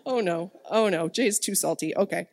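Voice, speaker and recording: A woman's voice: lowish voice, moderate pace, creaky. A woman giving a sermon in a chatty way, with laughing asides to her congregation and the online chat. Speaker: pastor. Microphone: streamed service, speaking to online chat.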